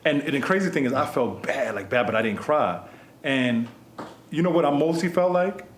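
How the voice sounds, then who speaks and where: A man's voice: medium pitch, expressive, normal speed, echoey room, slight background noise. A man hosting a casual podcast, telling stories animatedly and swearing freely. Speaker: podcast host. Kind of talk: casual storytelling chat.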